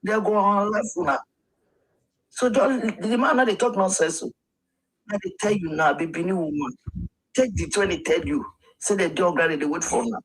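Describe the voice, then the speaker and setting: A man's voice: high voice, moderate pace, slightly rough, rough recording. A Nigerian man with a Nigerian accent arguing insistently in a street debate, repeating his points in Pidgin. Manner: insistent, repetitive, argumentative. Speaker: discussant.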